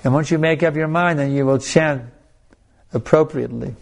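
A man's voice: a little high, moderate pace, vocal fry. Guy teaching a crowd, tells stories, restarts a lot, laughs now and then. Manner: storytelling with frequent restarts and laughs. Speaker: spiritual teacher. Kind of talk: answering audience questions.

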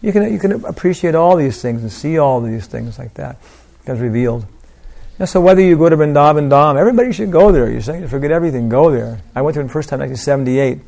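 An older man giving an informal devotional talk, rambling through anecdotes with lots of "you know" and soft laughs. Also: fairly high pitch, vocal fry. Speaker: preacher.

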